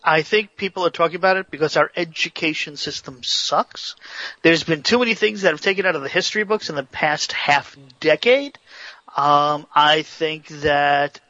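A man with a raised, bright, forceful voice co-hosts a radio talk show and speaks bluntly and with strong opinions. His sound is dull and muffled, and dry, without room echo. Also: on the high side. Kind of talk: casual radio chat.

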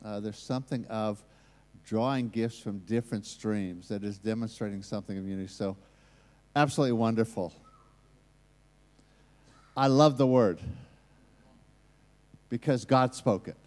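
A man's voice: fairly low pitch, normal speed, long pauses, darkish tone. An American man preaching a sermon and leading prayer, earnest and rising to emphatic points. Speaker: guest preacher. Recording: long hall reverb.

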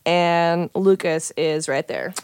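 Young woman, casual storytelling, lowish voice, dry sound, profane, lots of fillers. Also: slow, darkish tone, smooth, dry recording. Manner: chatty, profane, heavy use of "like" fillers.

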